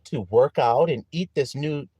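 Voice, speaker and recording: A man's voice: medium pitch, a little slow, dark tone, slightly rough, no room sound. A man voicing a celebrity who breezily and defensively denies having cosmetic surgery, in a fake-innocent tone. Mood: mock innocent.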